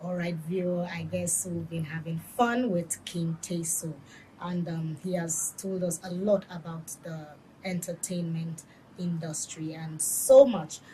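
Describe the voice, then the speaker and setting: A woman's voice: lowish voice, steady tone, a little slow, warm tone, a little hiss or hum, poor audio. A woman hosting a TV interview, chatty and leaning on filler words as she phrases her questions.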